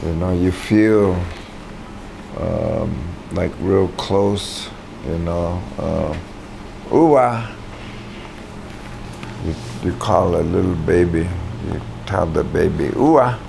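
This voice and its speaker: A man's voice: sits low, steady tone, takes it slowly, gravelly, noisy background. A man teaching a language class, patiently saying words aloud for the students to repeat.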